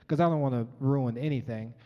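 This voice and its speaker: A man's voice: medium pitch, a little fast. Earnest young man telling a story on stage. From Colorado. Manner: earnest, conversational, with frequent ums. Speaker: featured storyteller. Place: large event hall, on stage. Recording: dull, echoey live hall recording.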